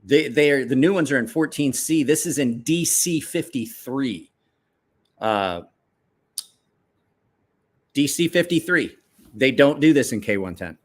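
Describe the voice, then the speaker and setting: A man casually talking through his favorite gear as a knife reviewer, excitable and swearing freely, rambling with restarts and jumping up in pitch when he quotes his own reactions. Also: measured pace, pauses often. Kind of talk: casual show-and-tell chat.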